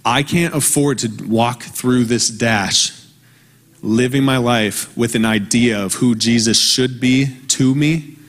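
A man in his thirties preaching a conversational, earnest sermon, slowing down for emphasis. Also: mid-range voice. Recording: long reverb from a large hall.

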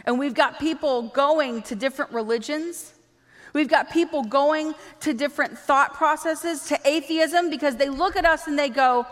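A woman with a high voice preaches a sermon, her words ringing with the long reverb of a large church hall. She is animated and slips into little acted-out exchanges. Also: normal speed. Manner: animated, acts out quoted dialogue.

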